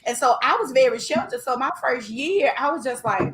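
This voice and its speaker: A woman's voice: high voice, lively intonation, brisk, background noise. A middle-aged woman hosting a podcast, chatting casually and asking her guests questions in a colloquial way. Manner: warm conversational questioning, colloquial. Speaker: podcast host. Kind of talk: casual chat.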